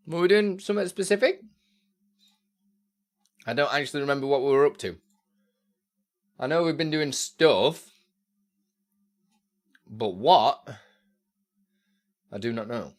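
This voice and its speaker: A man's voice: medium pitch, very animated, a little slow, pauses often. A man streaming live, answering chat questions in a casual, rambling way with lots of fillers. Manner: rambling and easily sidetracked, with many fillers.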